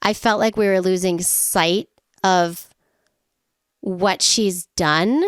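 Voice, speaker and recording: Smooth-voiced chatty woman co-host. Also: mid-range voice, steady tone, no room sound, studio quality. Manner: quick, chatty, playful asides. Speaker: podcast co-host. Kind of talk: casual chat.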